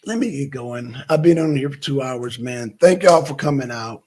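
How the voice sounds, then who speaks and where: A man's voice: medium pitch, lively intonation, normal speed, darkish tone, husky. A male livestream host talking politics in a blunt, profane, heated way from home. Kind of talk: political talk stream.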